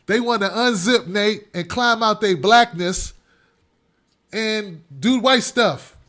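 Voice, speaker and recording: Man, show host, high-pitched voice, emphatic ranting commentary, repetitive. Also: slow pace, a bit bright. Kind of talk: opinion commentary monologue.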